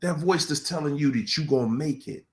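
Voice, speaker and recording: A man speaking to a room in a loose, storytelling way, full of slang and lively asides. His voice sits a bit high for a man and moves around as he goes. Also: fairly quick. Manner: colloquial, animated storytelling. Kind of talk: casual motivational talk.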